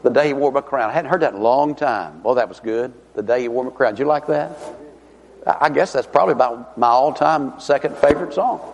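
Folksy preacher in a reverberant church. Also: male voice, mid-range voice, fairly quick, darkish tone, slight background noise. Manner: folksy, conversational, asks the audience questions. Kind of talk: sermon with storytelling and humor. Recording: long hall reverb.

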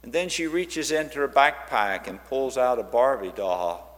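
A man's voice: mid-range voice, moderate pace. A man giving a storytelling church talk about a ministry, acting out the voices of the people in his stories. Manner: animated storyteller who acts out quoted voices. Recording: long reverb of a large hall.

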